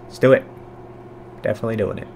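A man hosting a reaction video in casual, profane commentary, swinging between loud outbursts and low mutters, sometimes cooing baby talk at his cat. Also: fast talker, slight background noise.

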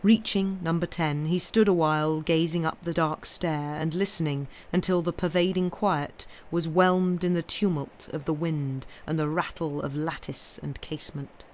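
A woman reading a classic story aloud as narrator on a livestream, in a slow, deliberate storytelling manner. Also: sits low, fairly even intonation. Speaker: reader.

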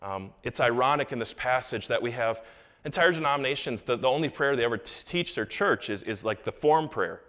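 A man's voice: medium pitch, lively intonation, a little fast, a bit bright. A young adult man preaching a sermon in a church sanctuary, in a conversational way that breaks into emphatic rises. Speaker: pastor.

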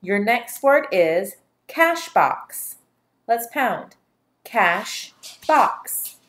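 Slow, deliberate woman teaching phonics. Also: fairly high pitch, very animated. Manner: slow, deliberate, segments sounds for young learners. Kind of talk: phonics dictation lesson.

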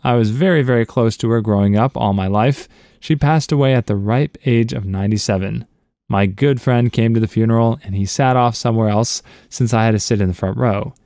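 A man narrating a string of short reader-submitted stories in a steady, even storytelling read. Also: mid-range voice, a little fast, no echo, studio quality.

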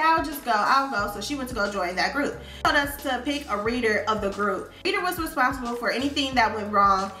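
A young woman tells a school story in a casual, animated storytime way, dropping into slangy phrasing. Her voice sits a little high and sounds bright. The recording is roomy and echoey, with faint music underneath. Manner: animated retelling with slangy talk. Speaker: vlogger.

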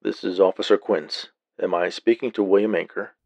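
Deadpan cop, read by a man, low husky voice, flat and unbothered. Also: normal speed, dry recording. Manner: flat, matter-of-fact. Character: calm deadpan male police officer.

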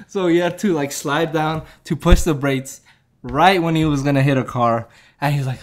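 A man with a slightly higher voice gives a casual movie review. He rambles through the plot, breaks into laughs and backtracks to correct himself. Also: moderate pace.

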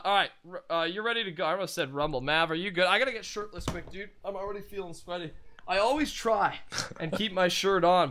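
A young man talks through a gameplay session in an excitable, rambling, jokey way. His voice sits high and sounds bright and edgy. Every word comes through smooth and clean. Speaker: gaming channel host. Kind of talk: casual gameplay commentary.

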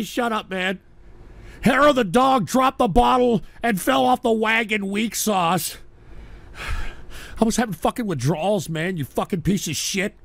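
A ranting man with a high, gravelly voice that cuts through with a sharp, bright edge. He swears constantly and yells at his chat between weary grumbling, recorded very dry and close. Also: no echo. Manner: angry profane ranting, shouting at chat. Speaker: livestream radio show host. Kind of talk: ranting livestream talk reading chat.

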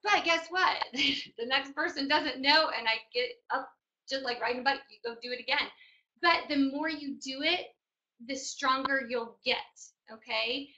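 High bright-voiced woman telling a coaching story. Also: a little slow, highs cut off. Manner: chatty storyteller, addresses audience directly. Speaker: business mentor. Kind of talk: motivational training talk.

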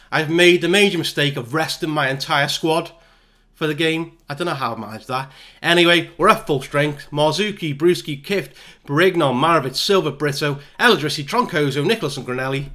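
A man's voice: on the high side, pushed and bright. Give me a man doing chatty, self-mocking commentary on a football management game. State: out of breath. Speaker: gaming YouTuber. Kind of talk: casual let's-play commentary.

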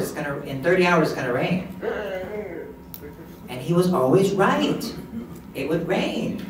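This mid-range male voice has a fairly bright tone. He interprets live, voicing a deaf presenter's signed story in first person and restarting briefly at times. The recording comes from a distant mic in an echoey hall with background noise.

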